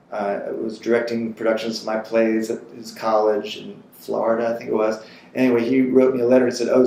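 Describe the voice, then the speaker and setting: A man in his sixties being interviewed for an oral history, telling an anecdote with lively, acted-out quotes. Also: fairly low pitch. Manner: animated anecdotal storyteller who acts out quotes. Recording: roomy echo with faint ambient noise.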